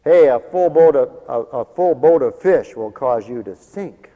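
A man's voice: medium pitch, lively intonation, a little slow, in a large hall, narrow, tinny audio. A man preaching a folksy sermon, laughing often between his points.

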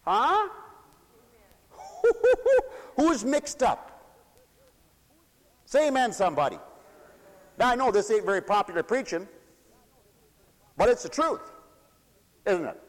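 A man preaching a fiery, folksy sermon. He swoops between loud declarations and mocking asides. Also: extremely high pitch, sing-song, takes it slowly, long pauses. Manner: folksy, shouting and swooping, mocks voices. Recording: long hall reverb.

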